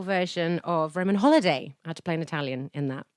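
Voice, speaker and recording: A woman's voice: low-pitched, fast talker, hardly any pauses, clean tone, dry recording, clean studio sound. A woman being interviewed as an actress guest, bubbly and giggly, telling stories with playful put-on voices. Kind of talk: casual interview chat.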